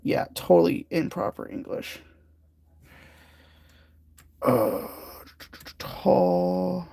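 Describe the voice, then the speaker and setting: A livestream host chats casually with viewers while working on a jigsaw puzzle, rambling and laughing along the way. The talk is slow and unhurried, with a gravelly, creaky edge. The sound is dry, with no room echo. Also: medium pitch. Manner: rambling and giggly, chatting with viewers.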